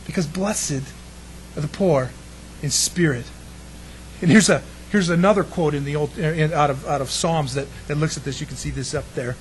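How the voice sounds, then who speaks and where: A man preaching a sermon to a congregation, chatty and lively, throwing in jokes and questions to the room. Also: fairly high pitch, moderate pace, a little hiss or hum, rough recording. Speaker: pastor.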